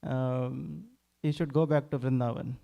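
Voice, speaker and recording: A man's voice: medium pitch, steady tone, a little slow, creaky, dark tone, highs cut off. A man giving a devotional scripture class, telling a story with frequent laughs. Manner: storytelling, laughs between lines.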